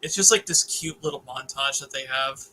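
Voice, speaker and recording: A man's voice: mid-range voice, moderate pace, bright, forceful tone, a little hiss or hum, low-quality recording. A man co-hosting a book club podcast, talking through a novel in a hesitant, casual way with many restarts. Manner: hesitant, lots of fillers and restarts. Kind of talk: casual chat about a novel.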